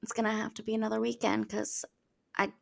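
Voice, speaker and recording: Woman, podcast co-host, casual chat, supportive, slightly high voice. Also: level tone, brisk, vocal fry. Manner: supportive listener, short reactions.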